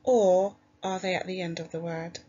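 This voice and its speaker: A woman teacher giving a recorded phonics lesson to young children, sounding out each letter slowly and clearly in a British accent. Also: fairly low pitch, fairly even intonation, mellow, lo-fi sound. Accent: British English. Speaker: primary school teacher.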